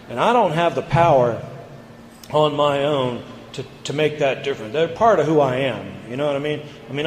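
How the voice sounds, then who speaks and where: A man giving an earnest personal recovery share at a meeting, halting and repeating words as he goes. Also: mid-range voice, a little mellow, a little hiss or hum. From United States. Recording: echoey hall, long reverb.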